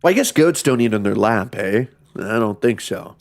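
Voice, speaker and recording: A man streaming a horror game, talking casually with lots of swearing, jokes and loud reactions. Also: lowish voice, animated, normal speed, gravelly. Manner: profane, joking, often laughing and reacting loudly. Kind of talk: casual gaming commentary.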